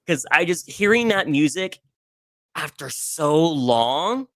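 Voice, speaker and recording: A man's voice: on the high side, big pitch swings, slow, a bit bright, no room sound. A man guest on a casual podcast, talking emotionally and with many restarts about games he loves. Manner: gushing, emotional, restarts often.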